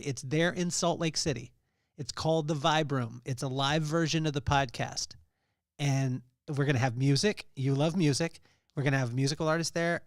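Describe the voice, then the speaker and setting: Male podcast host, playful teaser, slightly high voice, dry mic. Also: no room sound. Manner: teasing and playful. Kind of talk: casual chat.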